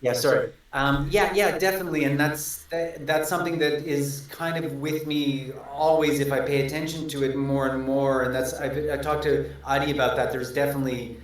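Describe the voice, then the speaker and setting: Flat-voiced man in a very echoey room. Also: fairly high pitch, moderate pace, few pauses. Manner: hesitant, self-correcting. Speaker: meditation participant. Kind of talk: casual chat. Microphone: video call.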